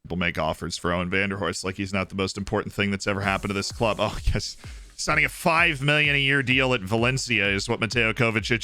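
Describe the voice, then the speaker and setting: A male streamer talks through his football management game in casual commentary, excitable and jokey. His voice is bright and forceful at a middling pitch, with faint music underneath. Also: quick pace.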